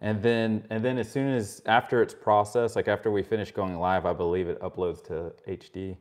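A man's voice: fairly low pitch, level tone, moderate pace, a little mellow. A man co-hosting a live craft stream, easygoing, relaying viewer comments. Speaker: co-host reading chat. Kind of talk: casual live-stream chat.

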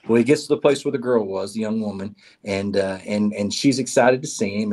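A man's voice: fairly low pitch, warm tone. A man telling a parable at a church in a folksy way, often repeating his words. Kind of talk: told parable.

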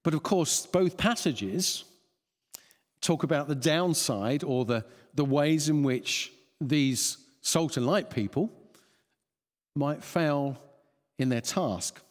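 A man's voice: a little high, slow pace. A man preaching a sermon, chuckling often and restarting phrases as he thinks aloud. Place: church hall. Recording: long church reverb.

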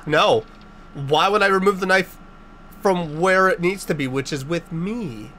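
A man hosting a casual let's-play, joking sarcastically and blurting loud startled reactions. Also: high voice, measured pace, a little hiss or hum. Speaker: gaming channel host.

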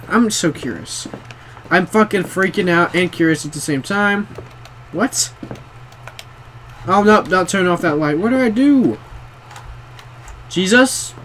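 A man's voice: high-pitched, fairly bright tone, slight background noise. A young man playing a horror game, jumpy, swearing often and talking to himself. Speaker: gamer.

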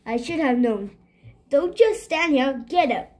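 A woman's voice: sits high, expressive, measured pace, darkish tone. Woman reading as a bossy boastful evil cat. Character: vain grumpy male evil cat scientist. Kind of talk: storybook read-aloud.

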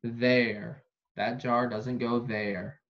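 A man teaching an online phonics lesson, saying each word slowly and repeating it for dictation. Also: medium pitch, little pitch movement. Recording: dull lo-fi recording.

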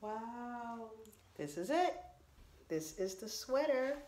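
A woman's voice: fairly high pitch, big pitch swings, slow, warm tone, recorded from a distance. A woman chatting through a clothing try-on haul video, exclaiming and talking straight to her viewers. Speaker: vlogger. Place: home room. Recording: roomy echo.

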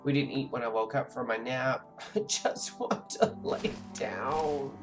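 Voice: mid-range voice, unhurried. Tired, rambling game streamer over music. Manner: chatty, rambling, talking to viewers. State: very tired, sleepy. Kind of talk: live gameplay commentary. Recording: music playing behind.

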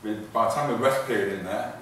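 A man with a lowish, fairly bright voice speaks fairly quickly as a fitness trainer addressing a live audience in a large echoey hall. He works out as he talks, getting breathless, repeating himself and starting sentences over. The far-off recording has a little hiss or hum.

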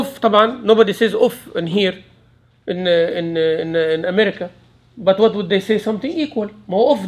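Guy giving a quran class, high voice, laughs a lot, lots of mixed in. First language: Arabic. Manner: animated, mixes Arabic words into English, laughs often. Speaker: Islamic lecturer. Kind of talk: Quran commentary lecture. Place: restaurant meeting room.

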